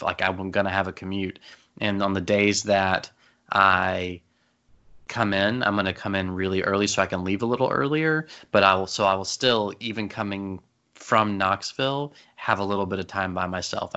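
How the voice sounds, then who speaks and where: Podcast co-host, male, casual rambler with self-deprecating jokes, gravelly and low. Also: pushed and bright. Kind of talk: casual chat. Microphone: close microphone. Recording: slightly dull lo-fi podcast audio.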